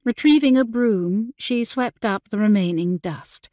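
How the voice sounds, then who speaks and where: A woman reading a period audiobook in a measured, expressive storytelling manner. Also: on the high side, dry recording, studio quality. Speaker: audiobook narrator. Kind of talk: scripted audiobook narration.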